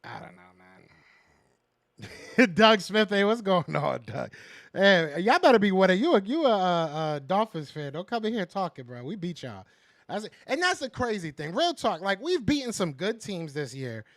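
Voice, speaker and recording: Man, high voice, frustrated sports rant, repeats himself, dry close sound. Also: sing-song, moderate pace, fairly bright tone, dry recording. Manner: frustrated, repeats himself, talks back to chat. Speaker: podcast host reading live chat. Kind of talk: casual fan podcast rant.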